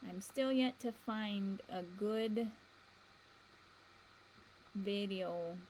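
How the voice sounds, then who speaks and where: Slow, rambling woman. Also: medium pitch, darkish tone, a little hiss or hum, rough recording. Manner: meandering, laughs between thoughts. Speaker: livestream show host. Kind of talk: rambling casual monologue.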